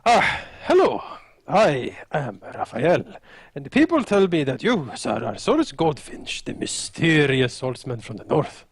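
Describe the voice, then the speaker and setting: A man's voice: a little high, huge pitch swings, measured pace, slightly rough, no echo, full character voice. A courtly nobleman, vain and gracious, greets a stranger in slightly raised, formal tones, as a man puts him on. The sound is dry and close.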